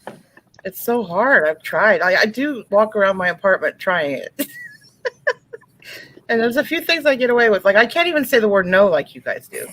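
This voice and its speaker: A woman's voice: medium pitch, expressive, normal speed, pauses often, fairly bright tone, poor audio. Playful woman hosting a video chat. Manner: laughs often, playful. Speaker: host. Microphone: webcam.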